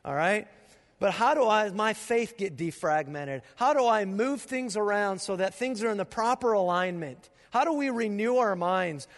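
A man preaching a sermon as pastor, telling stories with animated sound effects in a church auditorium. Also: high voice. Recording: long reverb of a large auditorium.

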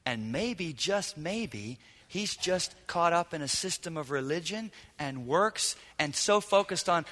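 A male pastor preaching a sermon, swinging dramatically from loud, lively lines to hushed ones. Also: fairly high pitch, slow, few pauses, long reverb tail. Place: church hall.

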